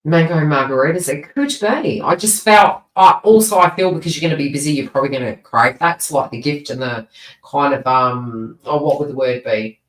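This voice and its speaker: A woman's voice: sits low, moderate pace, recorded from a distance. Chatty woman reading tarot live. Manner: chatty, rambling, with frequent asides and restarts. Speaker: tarot reader. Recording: roomy sound, voice away from the mic.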